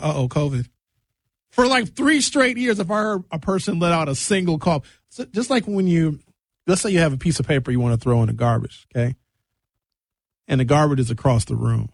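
A man hosting a radio show in casual chat, talking in animated, rambling comic riffs from a studio microphone. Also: on the high side, breathy edge, dry recording.

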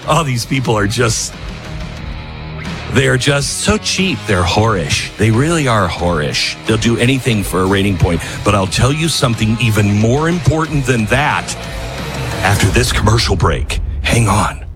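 A male talk radio host speaking in a rambling, self-mocking monologue, with sudden shouts and acted-out quotes. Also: mid-range voice, lively intonation, moderate pace, music in the background.

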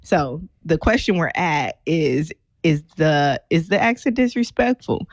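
A woman co-hosting a casual podcast chat, recapping a story in a teasing, animated way. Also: sits low, measured pace, dry recording, lo-fi sound. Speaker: co-host.

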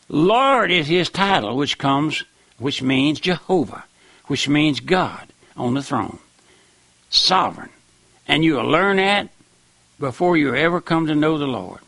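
A man's voice: fairly high pitch, vocal fry, a bit bright, dry recording. A man preaching a fervent radio sermon, emphatic and dogmatic, who keeps calling listeners his friend.

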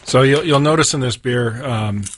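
A man's voice: medium pitch, normal speed, a bit bright, slight background noise. A man who owns a brewery, a guest in a casual chat, explaining in a matter-of-fact way.

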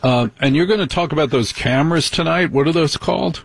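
A man hosting a late-night call-in radio show, chatty and teasing, quick to jump in. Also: on the high side, gravelly, a little hiss or hum. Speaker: radio host.

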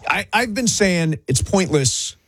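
A man co-hosting a sports radio show, talking casually and excitedly, often restarting his sentences. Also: high voice, measured pace, breathy edge, no room sound. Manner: animated, trails off and restarts.

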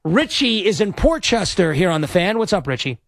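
A man hosting a late-night sports talk radio show, energetic and rambling, talking into a studio mic. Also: high voice, fairly quick, dry recording. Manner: energetic, rambling, self-promoting. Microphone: studio microphone.

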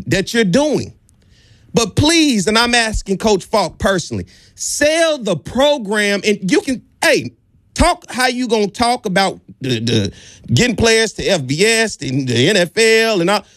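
A high-voiced man with a drawl hosts a sports show, talking in an emphatic, preachy monologue. He hammers his points home by repeating them. The sound is dry and close, with no room echo. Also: a bit bright. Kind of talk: impassioned monologue.

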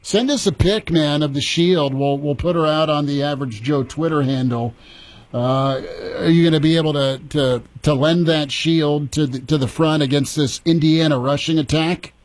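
A man's voice: on the high side, moderate pace, no echo. A man hosting a sports talk radio show, chatty and easygoing, laughing and restarting his phrases.

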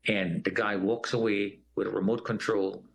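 A man's voice: fairly low pitch, little pitch movement, moderate pace, creaky. A man telling a personal story in an interview, acting out the voices of the people in it. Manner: vivid storyteller who acts out the quoted voices of others.

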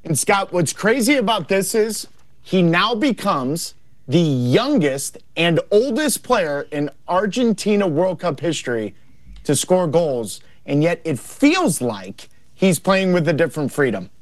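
A man analyzing soccer on a TV sports show, with energetic, playful delivery. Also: high voice, unhurried, dry recording.

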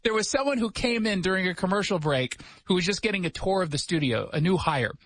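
Sarcastic high-voiced male radio host. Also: lively intonation, fairly bright tone, breathy edge. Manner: sarcastic, joking, quick asides. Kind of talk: casual talk show banter. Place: radio studio.

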